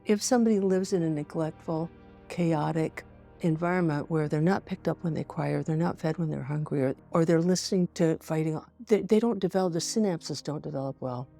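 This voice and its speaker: A woman in her sixties tells a story as a podcast guest, slipping into the voices of the people she describes. Her voice is gravelly and mellow. Soft music sits faintly behind her. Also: sits low, a little fast. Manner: vivid anecdotal storytelling, acting out quotes. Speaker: forensic pediatrician guest.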